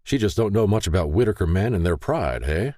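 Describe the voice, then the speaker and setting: A wry older father speaks quietly with a dry, teasing edge, voiced by a male narrator. His voice stays low and unhurried. The recording is close and dry. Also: lively intonation, no echo.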